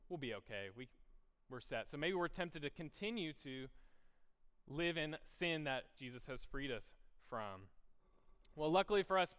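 Male pastor, sermon, slightly high and smooth, playful then earnest. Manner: playful then earnest, drops soft on heavy points. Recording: long hall reverb.

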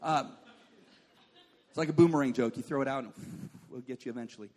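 A pastor jokes and tells stories through his sermon, saying "like" a lot and calling on the congregation to respond. His voice is medium-pitched and a little mellow, and he speaks briskly.

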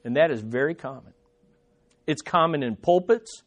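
High-voiced man preaching emphatically. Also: lively intonation, normal speed. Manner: emphatic, repeating rhetorical questions. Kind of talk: sermon.

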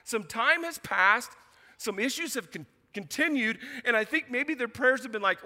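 A man preaching a sermon as pastor, emphatic and animated, often repeating words as he starts a thought. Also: extremely high pitch, normal speed. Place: church sanctuary. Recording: church hall with long reverb.

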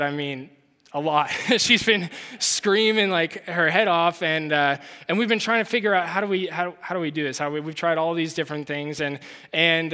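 A man's voice: on the high side, sharp tone. A young adult man preaching a sermon as pastor, earnest and conversational, often asking "right?" and restarting his sentences. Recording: long hall reverb.

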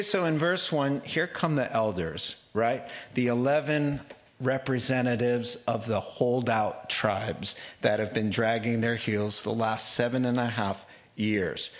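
A man preaching a sermon in an animated, humorous way, acting out the figures in his story. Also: mid-range voice.

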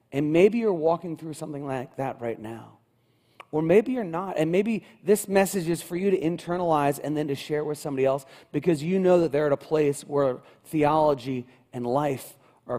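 A male pastor preaching a sermon in a church, building rhythm through repeated phrases and swinging between quiet and loud. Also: on the high side. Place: church sanctuary. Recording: long hall reverb.

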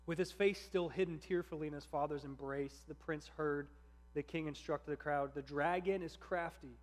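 A man reading a story aloud in a measured, earnest narration. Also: on the high side, level tone, darkish tone.

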